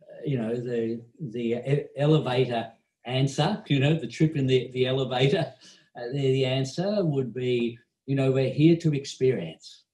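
An Australian meditation teacher tells an anecdote in conversation, chuckling often and sprinkling in "you know." His mellow, mid-range voice moves at normal speed, in an echoey room.

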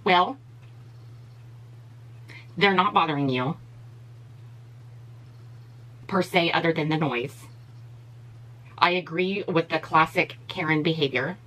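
A woman's voice: low voice, measured pace, pauses often, fairly bright tone, rough recording. A woman beauty vlogger giving blunt, opinionated commentary in a casual chat while she does her makeup.

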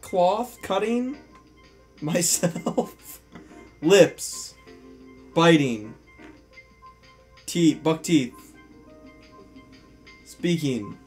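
A young man co-hosting a gaming video, calling out deadpan guesses and laughing often. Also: a little high, very slow, pauses often, soft background music. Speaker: gaming channel co-host. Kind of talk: casual gameplay banter.

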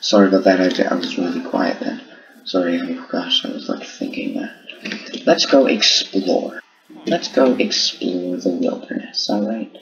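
A man hosting a gaming channel, chatting casually and rambling as he narrates his own play in a put-on deep voice. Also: steady tone, a little slow, gravelly. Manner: rambling, chatty self-narration with little laughs. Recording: muffled recording with faint hiss.

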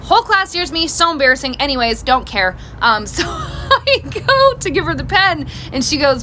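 A woman's voice: high voice, big pitch swings, moderate pace, few pauses, sharp tone. A middle-aged woman telling chatty family stories as a mom, acting out her kids' voices. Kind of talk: casual storytime. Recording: faint background noise.

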